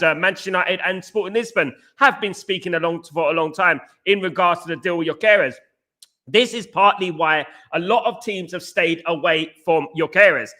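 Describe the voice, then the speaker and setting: A man hosts a casual football fan show, his voice high and bright with a keen edge. He is animated and repetitive. He keeps calling his viewers guys. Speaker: fan channel host. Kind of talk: casual football chat livestream.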